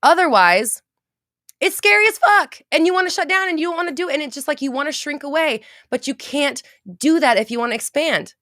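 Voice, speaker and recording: Woman podcast host, blunt and profane, emphatic, fairly high voice, dry close sound. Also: expressive, quick pace, few pauses, a bit bright, no echo. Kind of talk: casual motivational talk.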